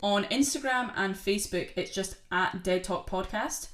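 A woman's voice: medium pitch, normal speed, fairly bright tone. A young woman co-hosting a casual podcast, chatting and swearing as she retells a film with mocking put-on voices. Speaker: podcast co-host. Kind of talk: casual chat.

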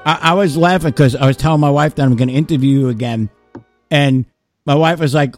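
A man's voice: fairly high pitch, fairly quick, darkish tone, no echo, soft background music. A man hosting a casual podcast chat, laughing often and swearing freely. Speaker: podcast host.

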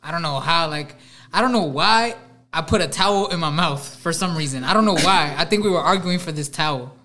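A man's voice: fairly high pitch, a little fast, bright, forceful tone. Laughing, slangy young man in casual chat. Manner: laughing, slangy, acts out his parents' voices. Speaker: podcast co-host.

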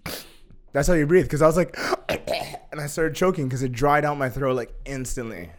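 A young man in casual chat, telling a story excitedly, swearing a lot and acting out what others said. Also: on the high side, brisk. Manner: excitable, profane, acts out quotes with laughter.

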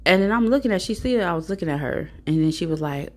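A woman's voice: medium pitch, big pitch swings, racing, a little mellow. A woman in a casual storytelling monologue, giving blunt, profane, preachy advice to mothers.

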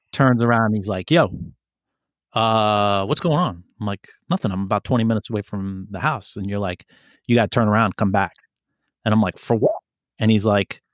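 Brief: lower-voiced New man, animated, swearing storyteller, dry close sound. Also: no room sound. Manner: profane, rambling, animated storytelling. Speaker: podcast co-host telling a story. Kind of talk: casual storytelling chat.

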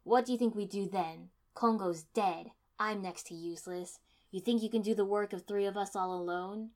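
A woman voicing a wounded young male ninja, his voice low and tight with pain, desperate. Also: fairly even intonation, moderate pace, close to an everyday voice. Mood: near-hysterical.

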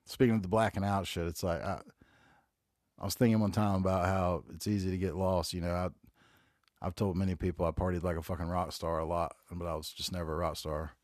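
Brief: very low-voiced Southern man in his forties, loose profane podcast monologue, dry close mic. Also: little pitch movement, a little fast, darkish tone, no echo. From North Carolina. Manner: rambling, profane, laid-back storytelling. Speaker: podcast host. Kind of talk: casual solo podcast monologue.

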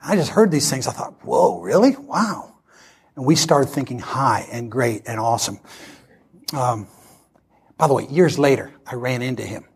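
Gravelly-voiced man in his sixties preaching. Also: mid-range voice, moderate pace. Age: 60s. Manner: storytelling, animated, acts out dialogue. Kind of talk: sermon with personal story.

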